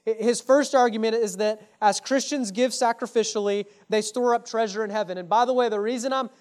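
A man's voice: high-pitched, steady tone, fairly quick, darkish tone. A man preaching an earnest sermon as a pastor, putting rhetorical questions to his congregation and addressing them casually and directly. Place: church.

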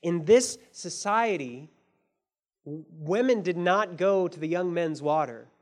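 Male pastor with a high voice, sermon delivery, builds up emphatically on key points. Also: takes it slowly. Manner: emphatic, rises in pitch and force for key points.

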